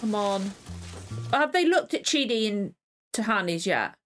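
A woman hosting a reaction video, chatting casually, excitable, swearing freely and getting emotional. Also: mid-range voice, a little slow, soft background music.

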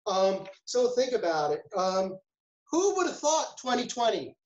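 A man's voice: high-pitched, very animated, a little slow, echoey room, dull audio. A man, a food safety chef, giving a casual webinar talk, chatty and full of rhetorical questions and storytelling asides.

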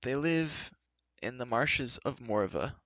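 A man voicing a whiny, cowardly male wizard who pleads and wails softly, on a dull lo-fi recording. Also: mid-range voice, lively intonation, slow, no room sound, pitched above the performer's own voice. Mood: pleading. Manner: wailing, pleading, soft.

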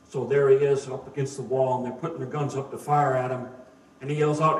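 A male pastor delivers a folksy sermon full of stories and jokes. His voice sits at an ordinary pitch and carries the echo of a church sanctuary. The mic is some distance away, and a faint hum of the room sits underneath. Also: fairly even intonation, a little fast, a little mellow.

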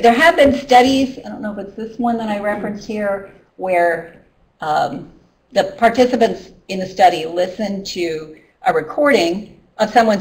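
A woman's voice: fairly low pitch, creaky. A middle-aged woman and ESL teacher presenting a training workshop in a loose, conversational way with many ums and restarts. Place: workshop room. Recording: voice from a distance.

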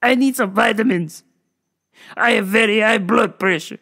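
A strange, stiff-mannered man, voiced by a woman, who speaks slowly and loudly in overly formal sentences. Every word comes out in a stilted, deliberate way. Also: sits high, voice pushed up, exaggerated voice. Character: odd formal male customer, loud and stiff.

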